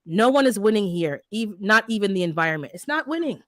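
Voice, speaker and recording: A woman hosting a gardening channel, chatting casually and telling a story with animated, heated energy. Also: medium pitch, brisk, dry recording, clean studio sound. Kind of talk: casual chat.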